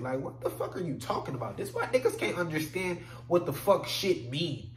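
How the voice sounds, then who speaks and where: A man's voice: mid-range voice, lively intonation, a little fast, hardly any pauses. A man rambles through a solo podcast monologue. His talk is loose and profane, full of "you know what I'm saying". The room is echoey and a faint hum sits underneath. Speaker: podcast host.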